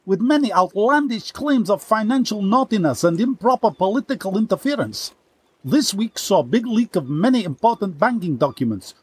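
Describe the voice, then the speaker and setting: Fake Russian accent, shady state journalist, broken English, husky, lively pitch, comedy sketch. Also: male voice, full character voice. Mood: smug. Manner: broken English, mock-earnest, deadpan menace.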